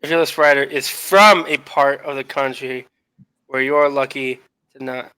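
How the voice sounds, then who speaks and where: A man's voice: medium pitch, steady tone, a little slow, bright, forceful tone, clean tone, poor audio. A man co-hosting a live-stream chat, reading viewer comments aloud and asking joking questions with frequent laughter.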